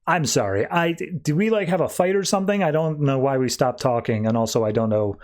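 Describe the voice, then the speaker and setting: A man's voice: medium pitch, brisk, a little mellow, lightly acted. Man doing an awkward, rambling rich man. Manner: hesitant, rambling.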